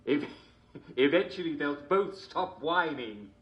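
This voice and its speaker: A man's voice: on the high side, animated, slow, fairly bright tone. Man doing Uncle Jack, chuckling host. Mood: jovial. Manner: chuckles constantly, mock-cheerful and smarmy. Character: jovial chuckling male English TV host. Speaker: show host. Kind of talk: comedic character monologue.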